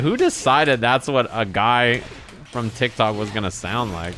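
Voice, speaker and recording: A man's voice: mid-range voice, sing-song, moderate pace, bright, forceful tone, a little hiss or hum. A man rambling and swearing casually to his chat while playing a fighting game live. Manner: profane, rambling, exasperated. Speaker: streamer.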